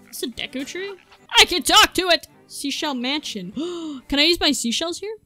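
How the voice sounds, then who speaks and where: High, lively young woman playing a game. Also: fairly quick. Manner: excitable, swears freely, reads game text aloud. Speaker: gaming channel host. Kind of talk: let's-play commentary. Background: faint game music.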